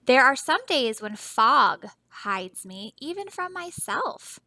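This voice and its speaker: A woman teacher reading a children's picture book aloud in a soft, expressive storytelling voice, often stopping to ask her young listeners questions. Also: sits high, slow pace, dry recording, low-quality recording.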